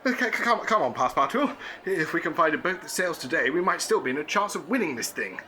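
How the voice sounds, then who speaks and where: An actor playing an eccentric, jolly English gentleman adventurer in a comic radio play, plummy and prone to chuckling. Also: fairly high pitch, sing-song, fast talker, slight background noise.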